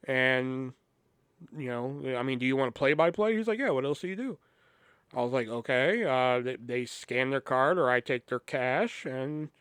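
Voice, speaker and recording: A man's voice: mid-range voice, a bit bright, clean tone, no room sound, clean studio sound. A man hosting a podcast, telling work stories in a casual, profane, rambling way and acting out the people he quotes. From Iowa. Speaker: podcast host. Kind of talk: casual storytelling.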